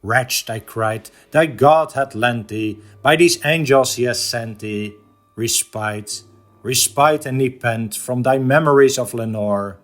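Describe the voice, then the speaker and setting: A man lecturing on a poem, reciting its verses in a measured, deliberate dramatic reading and explaining them in a teacherly way. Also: medium pitch, fairly bright tone. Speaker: art lecturer.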